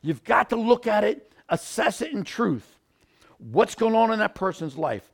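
A male pastor preaching a sermon, animated, acting out little scenes and bursting into shouts. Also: high-pitched, a little slow, gravelly. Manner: animated, acts out scenarios, sudden shouts.

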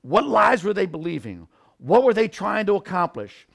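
A male pastor preaching a sermon, animated, acting out little scenes and bursting into shouts. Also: high-pitched, normal speed, vocal fry. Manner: animated, acts out scenarios, sudden shouts.

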